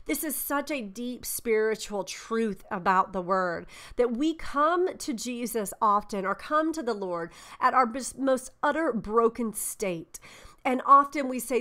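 A woman with a slightly high voice teaches a Bible study in an earnest, informal way. She talks to her group as if chatting, dropping in "um" and asking "right?" to keep them with her. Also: lively intonation, unhurried, a bit bright. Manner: earnest, often asks "right?"; informal with frequent "um".

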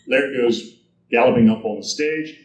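At a convention hall, a male guest speaker with a medium-pitched voice tells stories at an unhurried pace, lively in acting out quotes. The roomy sound comes from a handheld recorder in the audience.

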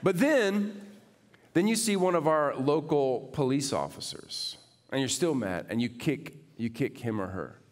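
Man preaching an animated sermon. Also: mid-range voice, unhurried, big-room sound. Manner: animated, swings from loud to hushed. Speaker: pastor. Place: church sanctuary.

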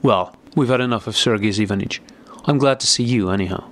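A man's voice: fairly low pitch, fairly quick, a bit bright, lightly acted. A man reading as a bitter, irritable older brother, speaking in an agitated, raised voice. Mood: feverishly cheerful.

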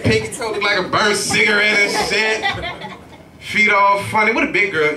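A man's voice: high voice, moderate pace. A man doing a stand-up comedy set at an open mic, telling loose, profane stories. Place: comedy club stage. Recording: echoey club heard from far off.

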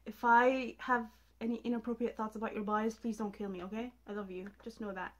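A woman's voice: a little high, little pitch movement, a little fast. A young woman reacting to music video trailers, gushing and swearing, with sudden shrieks between muttered asides. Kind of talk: excited reaction commentary.

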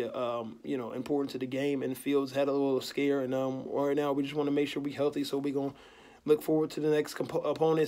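Young guy doing a fake postgame presser, talks quick, kinda high voice, cocky trash talk. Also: a little mellow. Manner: boastful trash talk, laid-back slang. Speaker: vlogger. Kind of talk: mock post-game press conference.

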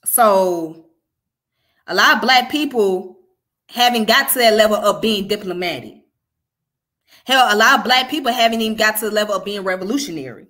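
A woman's voice: mid-range voice, moderate pace, pauses often, pushed and bright. A woman with a Southern US accent giving frank, casual commentary as she answers viewer comments, repeating her points for emphasis. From Southern United States.

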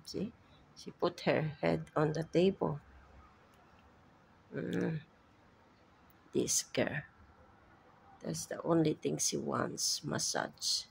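A woman vlogging at home, coaxing her pet bird in a soft, baby-talk way. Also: low-pitched, very slow, creaky, long pauses. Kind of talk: casual vlog talking to a pet bird. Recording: noisy home recording.

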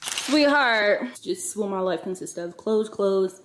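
Doing her makeup for a get-ready-with-me vlog, a woman in her twenties talks slowly with lively intonation and a medium pitch, chatty, upbeat, and full of slang. The sound at her bedroom vanity is roomy with a noisy background.

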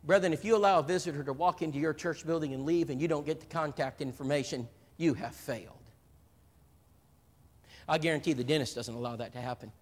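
A man's voice: on the high side, a little fast. A man preaching at a church seminar, telling stories and acting out the people in them. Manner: animated storyteller, voices other people in his stories. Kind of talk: seminar talk with acted-out anecdotes. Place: church hall. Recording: live stream with a long hall reverb.

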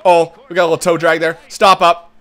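A young man giving casual, profane commentary on his own hockey video game, swinging from low muttering to loud excited shouts. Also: a little fast. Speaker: gaming YouTuber.

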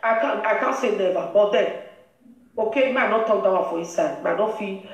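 A woman's voice: medium pitch, brisk. A woman with a Nigerian Pidgin English accent, hosting a live-stream commentary and lecturing another woman in a scolding, preachy way. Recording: very echoey room.

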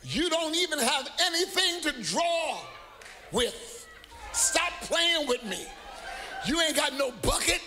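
A woman's voice: high-pitched, expressive, slow pace, voice pushed up. A man preaching voices a wary, sassy woman at a well, mocking and brassy in his retelling, with music playing under the sermon. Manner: brassy, mocking street talk.

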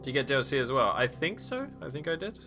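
A man's voice: mid-range voice, sing-song, quick pace, over music. A young man streaming a game, chatting casually and joking with frequent laughs. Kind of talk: casual gameplay commentary.

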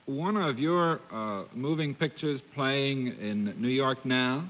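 A man's voice: medium pitch, takes it slowly. Male guest panelist, hesitant and stumbling, dull old broadcast. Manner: hesitant, stumbling over his words. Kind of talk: quiz questioning on a TV panel show. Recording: dull 1950s TV broadcast, hall reverb, faint hiss.

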